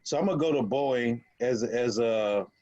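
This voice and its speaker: Sharing his screen with an online options trading group, a man teaches in a casual, halting way, often restarting sentences and using fillers. He has a medium-pitched, slightly mellow voice, and the recording's highs are cut off.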